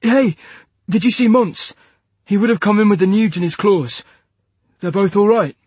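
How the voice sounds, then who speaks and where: A man's voice: high-pitched, fairly even intonation, normal speed, a little mellow, slightly rough, no room sound, voice pushed up. A man voicing a young male dragon pilot giving clipped, urgent orders. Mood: anxious.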